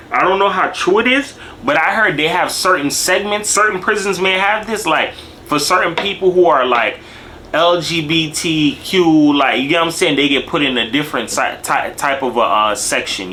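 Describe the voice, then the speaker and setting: A young man in casual reaction commentary, talking in animated street slang and tagging his lines with "bro" and "dog". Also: a little high, moderate pace, a little hiss or hum. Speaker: video commentator.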